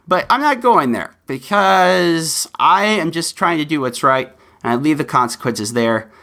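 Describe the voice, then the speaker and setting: A man's voice: on the high side, animated, a little slow, bright, forceful tone. A man hosting his own podcast talks alone to his listeners. He speaks earnestly and often pleads with them. His talk is loose and full of ums and uhs. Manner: earnest and pleading, with frequent fillers. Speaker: podcast host. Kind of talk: solo podcast monologue.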